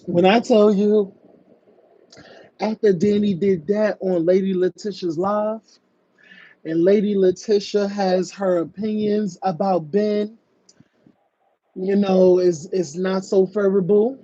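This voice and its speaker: A woman hosting a live stream, chatting casually about online drama, reading viewer comments and slipping into high mocking voices to act scenes out. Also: fairly even intonation, takes it slowly, long pauses, warm tone. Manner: chatty, slangy, reads viewer comments aloud. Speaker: livestream host. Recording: dull lo-fi stream audio.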